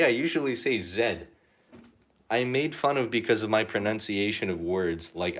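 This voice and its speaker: A man's voice: fairly low pitch, moderate pace, a bit bright. A young man chatting casually on a painting livestream, rambling and joking with lots of fillers. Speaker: art livestreamer.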